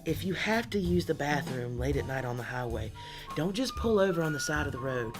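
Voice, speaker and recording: A woman voicing her worried mother, speaking softly, lower and slower than her own voice. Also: animated, over music. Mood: earnest. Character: worried southern mother, soft and earnest.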